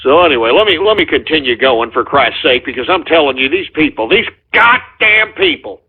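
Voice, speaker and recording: Swearing at his callers, this man runs a call-in radio show and rants irritably while playing voicemails. His slightly high voice is sing-song, fairly quick and breathy-edged, heard through tinny, phone-like radio sound.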